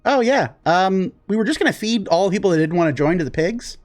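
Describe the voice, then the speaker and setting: A man's voice: sits high, expressive, fast talker. A man voicing a laid-back male demon with a bear face who leads a cult, speaking casually in a tabletop role-play. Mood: chummy. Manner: casual, easygoing, recruiting with a shrug.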